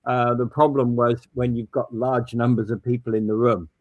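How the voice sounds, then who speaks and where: A man's voice: mid-range voice, level tone, normal speed, narrow, tinny audio. A man co-hosting a morning talk show, explaining technology in a casual, informative way. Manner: explanatory, tech-minded. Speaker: co-host. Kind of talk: casual chat.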